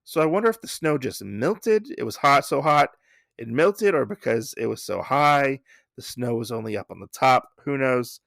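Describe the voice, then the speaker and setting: A man's voice: medium pitch, expressive, moderate pace, vocal fry, a bit bright, dry recording, clean studio sound. A man hosting a podcast, casually recapping a comic in a rambling way full of fillers and restarts. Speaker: podcast host.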